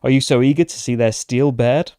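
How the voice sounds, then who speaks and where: A man reading the lines of a hooded mysterious stranger in a calm, flat, accentless delivery. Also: mid-range voice, fairly quick, smooth, no room sound, studio quality, close to an everyday voice. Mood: measured.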